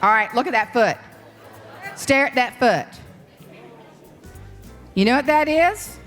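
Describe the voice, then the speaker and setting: A middle-aged woman with a Southern US drawl spins a sassy stage story. Her fairly high voice leaps up and down as she acts out every quote. The sound carries the long reverb of a big hall. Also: lively intonation, slow, fairly bright tone, soft background music, a faint crowd. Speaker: professional speaker. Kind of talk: storytelling keynote speech. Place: large hall before an audience.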